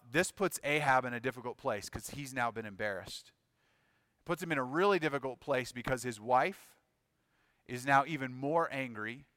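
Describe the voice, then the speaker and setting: Bright-voiced man preaching a dramatic sermon. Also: mid-range voice, smooth, no room sound, studio quality. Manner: dramatic, acts out voices of biblical figures. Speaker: pastor.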